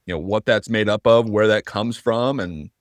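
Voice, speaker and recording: A man's voice: fairly low pitch, moderate pace, dry recording. A man co-hosting a podcast in casual conversation, earnest and thinking aloud with frequent restarts. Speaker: podcast co-host.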